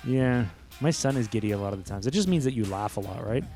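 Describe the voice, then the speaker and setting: A man in his thirties hosts a studio podcast at a middle pitch. He rambles, jokes around and laughs easily as he talks. Faint music sits under his voice. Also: expressive. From Canada. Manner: jokey, rambling, quick laughs. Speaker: podcast host. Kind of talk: casual studio chat.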